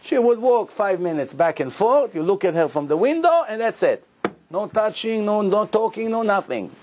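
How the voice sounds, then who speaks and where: A man's voice: high-pitched, normal speed, slight background noise. A man teaching as a rabbi, telling a story with acted-out dialogue, questions to listeners and non-native English grammar. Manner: animated, acts out dialogue, asks the audience questions. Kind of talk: Torah lecture with storytelling.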